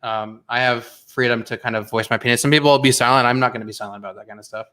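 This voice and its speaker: Bright-voiced young man ranting on stream. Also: mid-range voice, rapid-fire. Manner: animated, rambling with many fillers and restarts. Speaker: streamer hosting a watch party. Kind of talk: casual livestream chat.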